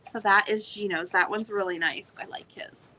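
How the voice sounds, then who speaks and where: A woman's voice: mid-range voice, steady tone, normal speed, sharp tone, a little hiss or hum, rough recording. A woman selling old books on a live stream, talking in a chatty, rambling way. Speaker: online book seller. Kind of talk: casual live sale chat.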